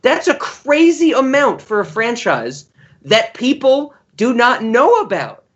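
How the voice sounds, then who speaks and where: A man's voice: very high voice, very animated, unhurried, a bit bright, muffled recording. A man co-hosting a podcast, giving long-winded, rambling explanations in casual chat. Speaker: podcast co-host.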